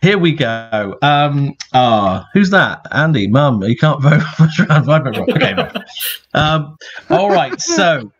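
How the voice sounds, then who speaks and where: A man's voice: fairly high pitch, big pitch swings, slow, muffled recording. A man hosting an online comedy contest in a chatty way, with lots of fillers, on a video call. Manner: chatty, filler-heavy, upbeat. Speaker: host. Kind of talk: casual online show hosting.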